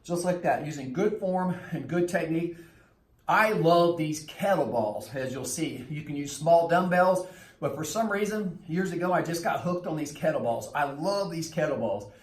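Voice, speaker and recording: A fitness trainer leads a circuit workout while doing the moves himself, slightly winded, repeating cues about form and timing as he demonstrates. His voice is on the high side and expressive, at a normal speed, recorded from a distance in an echoey room.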